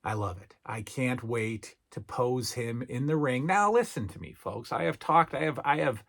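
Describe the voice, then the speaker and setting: Hyped middle-aged man pitching toys. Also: animated, moderate pace, vocal fry, a bit bright. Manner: emphatic salesman-like patter, repeats phrases. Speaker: toy collector channel host. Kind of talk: hyped toy review vlog.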